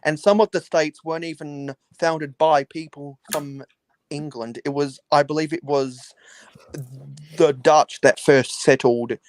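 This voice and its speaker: A man talks very slowly in a smooth, clear voice, recorded close and dry. He is measured and halting in casual chat, often stopping to restart a phrase. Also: on the high side, fairly even intonation, dry recording.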